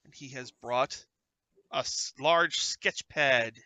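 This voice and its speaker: A man narrating a tabletop game as game master, animated and getting loud when he puts on character lines. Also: medium pitch, slow pace, clean tone, no room sound.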